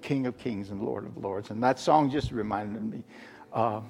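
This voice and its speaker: A middle-aged man from Arizona, a guest preacher telling a story as a sermon testimony, halting, with many fillers and restarts. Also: lowish voice, gravelly, darkish tone. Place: church sanctuary. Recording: long hall reverb with faint music.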